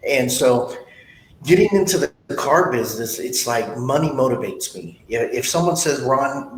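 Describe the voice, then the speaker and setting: A man's voice: animated, normal speed. A man hosting a podcast interview, talking bluntly and motivationally with stories from his own life. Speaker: podcast host, sales trainer. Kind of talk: casual interview talk. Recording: echoey room with faint rumble.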